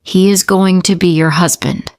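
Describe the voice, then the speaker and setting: A woman's voice: on the low side, steady tone, moderate pace, a little mellow, clear, resonant tone, no echo, clean studio sound, natural voice. A woman voicing a worried, secretive mother who speaks in protective, pleading tones. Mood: gentle worry.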